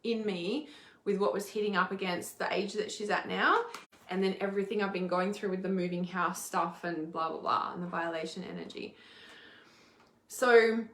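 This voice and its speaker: A woman's voice: medium pitch, fairly even intonation, normal speed, a bit bright. Candid swearing woman in an echoey room. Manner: candid, swears freely, emphatic. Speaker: intuitive healer and mentor. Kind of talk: casual personal video talk.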